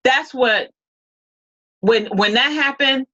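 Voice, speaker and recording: A woman's voice: high voice, slow, bright, forceful tone, lo-fi sound. A woman as an interview guest, telling a story in a casual, rambling way full of restarts and quoted dialogue.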